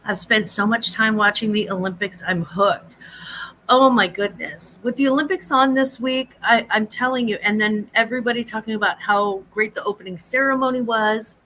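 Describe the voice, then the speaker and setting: Woman, livestream host, casual chat, rambling, bright voice, faint background hiss. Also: moderate pace, poor audio. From United States. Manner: chatty, rambling, greets viewers in a high sing-song. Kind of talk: casual live chat with viewers.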